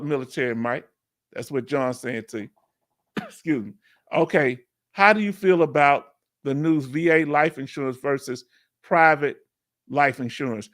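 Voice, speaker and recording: Reading out viewer comments, a Southern-accented Houston man runs a laid-back veteran livestream Q&A. His pitch is fairly high, and he speaks in lively, slang-heavy bursts.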